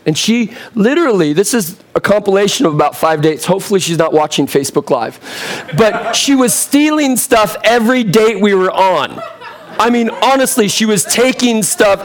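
A young man preaching a sermon as pastor, a little hoarse, telling funny stories with lively asides. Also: fairly high pitch. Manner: humorous, storytelling, lively asides.

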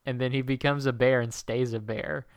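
A man's voice: mid-range voice, fairly even intonation, moderate pace, no room sound. A man co-hosting a casual comedic chat, recapping a plot in a rambling, jokey way and doing silly quoted voices. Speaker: podcast co-host.

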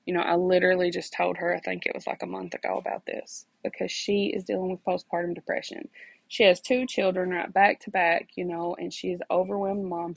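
A woman's voice: lowish voice, vocal fry, husky, dry recording, low-quality recording. A mother earnestly telling her own story and preaching faith to listeners, repeating phrases for emphasis. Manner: preachy, addresses listeners directly. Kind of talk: personal testimony, faith encouragement.

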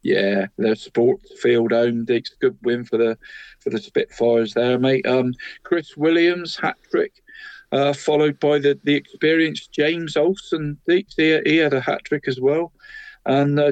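A man's voice: on the high side, a little mellow, no room sound. Chatty man reading football results. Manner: chatty, calls his co-host "mate" constantly. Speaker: co-host of a local football podcast. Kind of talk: casual results round-up. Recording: dry, dull lo-fi sound.

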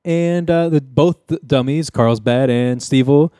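A man chats casually on a podcast, walking his co-hosts through a sitcom episode with a joking, storytelling manner. He slips into quick impressions of the characters. His voice sits in an ordinary middle pitch, recorded dry and close. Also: dark tone, clean tone, no room sound. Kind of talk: casual chat.

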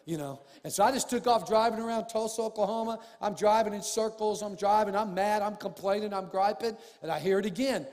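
Male pastor preaching, high voice, big echoey church hall, gets loud and emphatic. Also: brisk, hardly any pauses. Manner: storytelling preacher, rising to emphatic shouts. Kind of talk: sermon. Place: church sanctuary. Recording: long reverb of a church hall.

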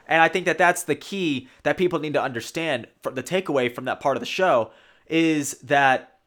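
A man casually retelling a show in commentary, talking in a loose, energetic way and often tagging on "you know" and "right?". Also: on the high side, normal speed.

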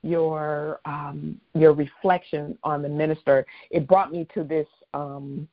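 A woman's voice: sits low, little pitch movement, slow pace. A woman hosting a casual conversation, affirming her guest often and openly moved by what she hears. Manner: affirming, frequent backchannel murmurs. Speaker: host. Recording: dull lo-fi audio.

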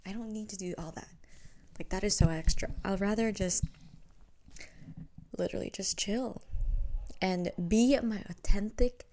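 A young Filipino woman whose first language is Tagalog hosts a casual chat podcast from home at night, speaking English with an American accent and a slight Filipino tinge. Her mid-range, slightly mellow voice moves at a normal speed with frequent pauses, chatty and rambling, sometimes dropping to a whisper. There's a little hiss or hum in the recording.

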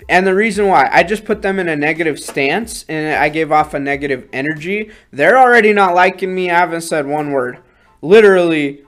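Male sales trainer, upbeat coaching delivery, slightly high pitch, soft music bed. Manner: energetic, demonstrating with his voice. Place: sales office.

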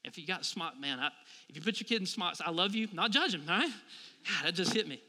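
A man's voice: high-pitched, lively intonation, a little fast, pushed and bright, in a large hall. A man in his thirties preaching a sermon as a pastor, talking conversationally and asking the congregation for responses.

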